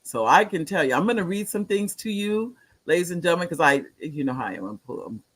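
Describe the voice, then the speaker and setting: A man's voice: on the high side, lively intonation, fast, fairly bright tone, breathy edge. Earnest man in his late sixties hosting. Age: 60s. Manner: earnest, repeats phrases for emphasis; reads viewer comments aloud. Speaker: talk show host. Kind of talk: live-streamed talk show monologue.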